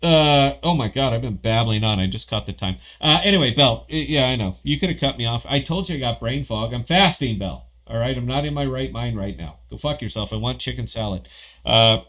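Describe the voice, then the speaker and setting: Bright-voiced guy rambling on a livestream, swears a lot, gets worked up fast. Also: mid-range voice. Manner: rambling, profane, excitable. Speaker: podcast host. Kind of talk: casual livestream chat.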